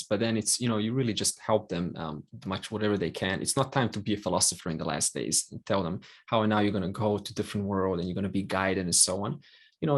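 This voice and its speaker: A man teaching a scripture class, explaining calmly with frequent pauses and fillers. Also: on the low side. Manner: calm explanatory, many fillers. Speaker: Vedanta teacher.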